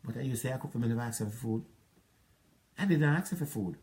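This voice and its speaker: This middle-aged Jamaican man has a medium-pitched, slightly mellow voice and speaks briskly and expressively. His monologue is a meandering, aggrieved account of a former relationship, told with patois inflections.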